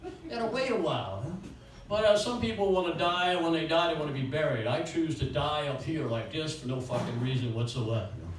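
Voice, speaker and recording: Older male comic, crude rambling one-liners, slightly high voice, caught on a distant mic in a roomy space. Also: fairly quick, slight background noise. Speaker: stand-up comedian. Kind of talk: stand-up comedy at an open mic. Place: small bakery venue with few people. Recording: roomy echo from a distant mic, faint ambience.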